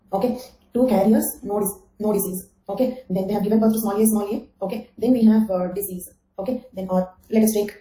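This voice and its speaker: Her voice is medium in pitch with a warm tone as she teaches anthropology online to exam candidates, naming students to call on them, repeating key phrases and checking with "okay?". Reverberation and rough recording quality mark the audio.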